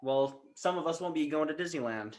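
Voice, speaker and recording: A man hosting a podcast, asking his guests questions in a relaxed, casual way. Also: fairly high pitch, brisk. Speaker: podcast host.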